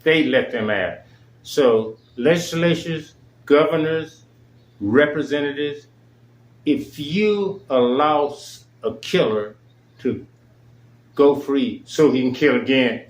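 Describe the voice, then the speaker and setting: A man's voice: a little high, lively intonation, slow pace, pauses often. Indignant male host in an echoey room. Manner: indignant, emphatic. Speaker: show host. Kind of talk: angry monologue.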